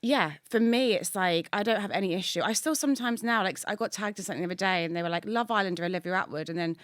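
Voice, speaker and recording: A woman in her thirties with an English accent, chatting casually as a podcast guest and telling animated, sarcastic stories. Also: medium pitch, rapid-fire, dry recording, clean studio sound. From England.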